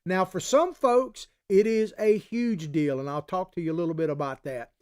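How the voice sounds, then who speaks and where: A man's voice: high-pitched, moderate pace, a little mellow, clear, resonant tone. A man from Florida with an old Southern Florida cracker accent, hosting a live political talk show in a folksy, chatty way.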